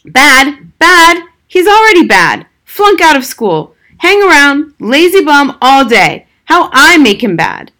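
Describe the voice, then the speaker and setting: A woman reading aloud voices a weary, hot-tempered immigrant father who shouts in broken English. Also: on the high side, expressive, normal speed, voice pushed up, close to an everyday voice. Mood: furious.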